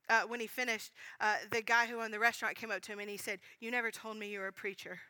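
Woman preacher, earnest storyteller in a sermon. Bright tone, dry close sound. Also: a little high, little pitch movement, quick pace, hardly any pauses, dry recording, low-quality recording.

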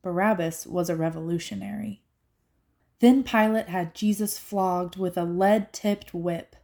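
A woman reading a scripture passage aloud in a steady, clear narration. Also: medium pitch, measured pace. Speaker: scripture reader.

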